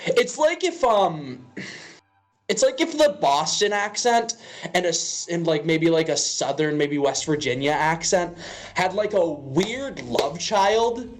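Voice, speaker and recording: A man's voice: on the high side, animated, unhurried. A young man from Western Pennsylvania, streaming and rambling jokily through a casual chat. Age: young adult. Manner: rambling, joking, fillers.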